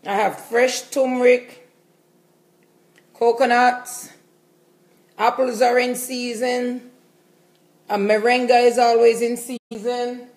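A woman's voice: fairly high pitch, level tone, slow pace, pauses often, darkish tone. A woman vlogger chatting casually and enthusiastically while showing her groceries, repeating herself as she goes. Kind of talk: casual grocery haul vlog.

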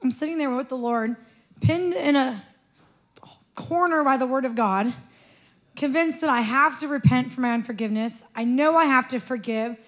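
A woman with a high voice delivers a sermon in a church. She tells her story with lively feeling and often breaks into laughter as she speaks. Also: moderate pace. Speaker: preacher.

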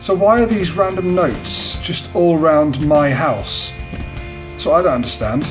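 A man's voice: fairly high pitch, measured pace. A man commentating his horror game play, jumpy, swearing, yelping and pleading with the game. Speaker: gamer playing a horror game. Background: game music.

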